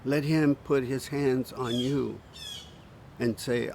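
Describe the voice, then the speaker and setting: Man, pastor, gravelly voice, unhurried earnest delivery, faint outdoor ambience. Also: medium pitch, steady tone, darkish tone, a little hiss or hum. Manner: slow, earnest, pausing between short phrases. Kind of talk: short sermon.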